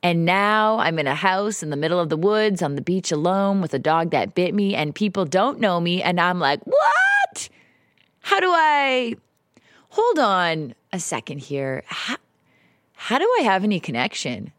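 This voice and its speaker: A woman's voice: fairly low pitch, lively intonation, moderate pace, dry recording, clean studio sound. A woman hosting an unscripted solo podcast from a house in the woods, talking in a confessional, emotional and self-mocking way with some swearing. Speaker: podcast host. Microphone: home setup, popping p's.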